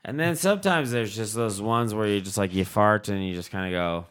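A middle-aged man telling crude stories in casual comedic chat, rambling and deadpan, with mock-dismayed asides. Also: fairly low pitch, a little fast, hardly any pauses, clear, resonant tone.

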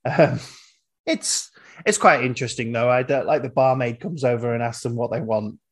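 A man's voice: medium pitch, moderate pace, slightly rough. A male podcast host in casual film chat, who rambles and retells scenes.

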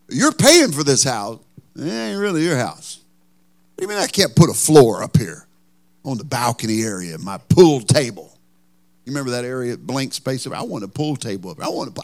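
Pastor, male, folksy and joking, lively pitch, slightly high voice, preaching a story-driven sermon.

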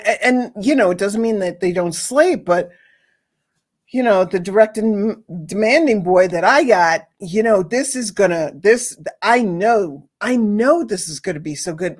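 A woman's voice: medium pitch, lively intonation, normal speed, darkish tone. A woman chats casually about pet toys, enthusiastic and rambling. She restarts her sentences often and keeps circling back to her point, with a mid-range voice. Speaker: pet product reviewer. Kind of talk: casual chat.

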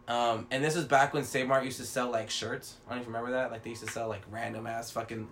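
A man's voice: mid-range voice, level tone, quick pace, fairly bright tone. Man storyteller, casual and profane, loose and rambling. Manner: rambling, profane, with many fillers and acted-out quotes. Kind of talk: casual chat.

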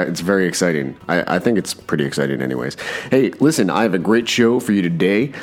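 A man hosting his own podcast in a rambling, self-deprecating way, often restarting his sentences. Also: on the low side. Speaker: podcast host. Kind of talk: casual podcast monologue.

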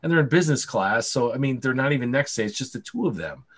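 Guy on a hangout podcast rambling thru stories, cussing a lot, laughs along, mid pitch. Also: fast talker. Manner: animated anecdotes, frequent swearing and laughter. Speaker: podcast co-host. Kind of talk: casual storytelling chat.

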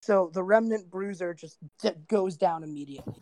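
A woman with a fairly low voice runs a tabletop role-playing session, narrating the action in a relaxed, chatty way. She is a little hoarse, as if her voice is wearing out. The sound is dry and close. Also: a little fast, no room sound. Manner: relaxed narration with frequent fillers and laughs. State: losing her voice. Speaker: game master.

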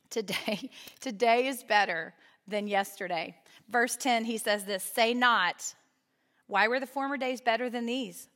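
A woman's voice: fairly high pitch, creaky, fairly bright tone. A young woman giving a conversational, humorous sermon to a live audience, often putting questions to them. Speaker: women's ministry speaker. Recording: long hall reverb.

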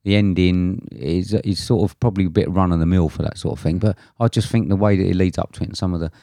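Man, very low pitch, dark tone, dry close recording, casual hesitant podcast chat. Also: fast talker, creaky, dry recording. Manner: relaxed, hesitant, lots of fillers and restarts. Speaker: podcast co-host.

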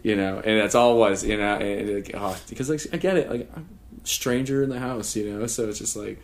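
Ranting man, low voice, lots of swearing. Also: fast talker. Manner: profane, ranting, laughing asides. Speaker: technician who visits homes. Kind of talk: casual chat.

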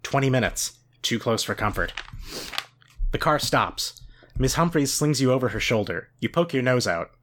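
A man co-hosting a podcast, reading a book aloud with expressive narration and laughing banter. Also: medium pitch, normal speed. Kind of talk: dramatic read-aloud with banter.

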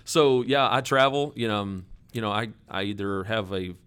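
A man with a low, smooth, resonant voice talks as a guest minister. He is relaxed and uses lots of fillers. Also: normal speed. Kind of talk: casual interview chat.

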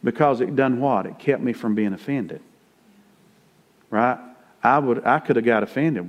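A man's voice: mid-range voice, moderate pace, pauses often, dull audio. Folksy middle-aged preacher man. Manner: folksy, plain-spoken preaching with rising emphasis. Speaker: pastor. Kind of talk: conversational sermon.

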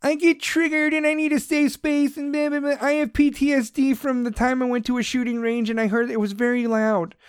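A man voicing a whiny, oversensitive young person in a mocking, high-pitched whine. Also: flat delivery, fairly quick, hardly any pauses, smooth, no echo, studio quality.

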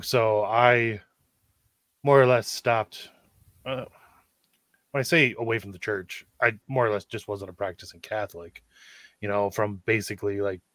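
A man's voice: lowish voice, a bit bright, no echo. A young man co-hosting a podcast, speaking in a hesitant, reflective way with many fillers. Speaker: podcast co-host. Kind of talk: casual conversation.

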